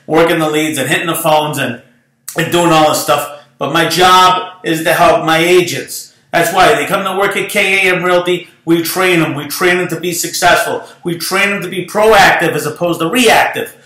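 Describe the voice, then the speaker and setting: High-voiced, animated New broker. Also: male voice, moderate pace. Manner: rambling, animated, self-promoting. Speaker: real estate broker. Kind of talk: casual motivational monologue. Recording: echoey room.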